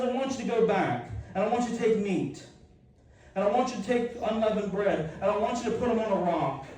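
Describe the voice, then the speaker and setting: A man delivers a sermon, voice placed somewhat high for a man. He retells scripture with drama, voicing each speaker in turn. The sound comes from a distance in a heavily echoing church. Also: a little mellow. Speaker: preacher. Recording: very echoey hall, heard from a distance.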